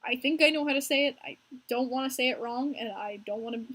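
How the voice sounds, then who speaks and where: Young american girl with a high voice, chatting hockey on her stream, lively and talky, calls out her viewers. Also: fast talker. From United States. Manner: animated and chatty, answering viewers by name. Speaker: podcast host streaming live with chat. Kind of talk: casual hockey chat.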